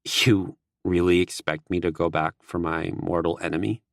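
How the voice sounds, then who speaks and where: A man's voice: low voice, fairly even intonation, normal speed, creaky, no echo, clean studio sound. A man voicing a cocky young male college hockey player, teasing and blunt. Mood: mocking.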